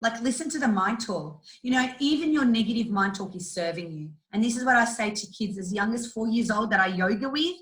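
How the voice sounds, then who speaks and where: A woman talking as an interview guest about coaching children, earnest and animated, speaking bluntly with mild swearing. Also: on the high side, fairly quick, hardly any pauses. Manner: earnest, animated, acts out quotes. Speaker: guest, youth empowerment and kids' yoga coach. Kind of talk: casual interview talk. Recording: roomy echo.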